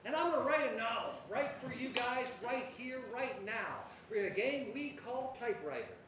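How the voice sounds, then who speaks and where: A hammy, energetic man hosts and narrates a live improv show in a very high voice. He sounds far from the mic in a very echoey space, with clear noise behind. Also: normal speed, crowd noise.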